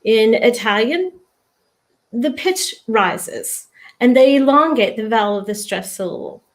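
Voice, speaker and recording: A woman's voice: fairly high pitch, lively intonation. Woman patiently explaining sung diction. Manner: patient, instructive, demonstrates sample words slowly. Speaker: lyric diction expert, guest. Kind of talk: explanatory interview talk.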